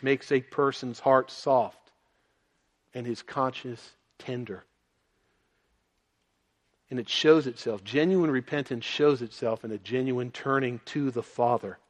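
A man preaching a sermon, moving between quiet, low passages and loud, emphatic ones. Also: slow pace, pauses often. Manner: dynamic, swings from soft and low to loud and emphatic.

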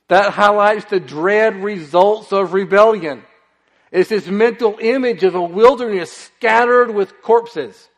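High-voiced man preaching a lively sermon. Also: in a large hall. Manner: animated preaching with storytelling and acted-out voices. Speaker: pastor.

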